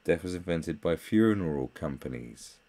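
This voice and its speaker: A British man with a low voice talks through memes in a sarcastic, mocking way. His pitch swings widely as he scoffs and swears. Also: animated, moderate pace, mellow. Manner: mocking, swears, jumps into high mock voices. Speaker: commentary host. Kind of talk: sarcastic meme commentary.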